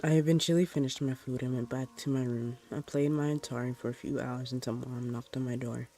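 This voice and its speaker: A man reading a first-person horror story aloud in a plain, unhurried way. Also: mid-range voice, fairly even intonation, mellow, slight background noise.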